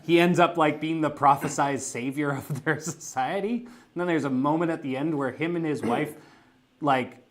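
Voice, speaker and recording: A man's voice: a little high, normal speed. Rambling, chatty man telling a story. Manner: rambling storyteller, heavy use of "like". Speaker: guest painter. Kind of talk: casual livestream chat. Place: gaming store.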